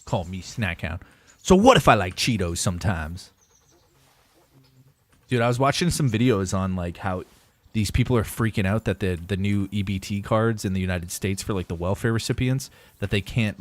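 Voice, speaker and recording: A young man streaming a game live, rambling and joking with his chat in casual, profane banter at a desk microphone. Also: fairly low pitch. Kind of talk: casual gaming livestream chat.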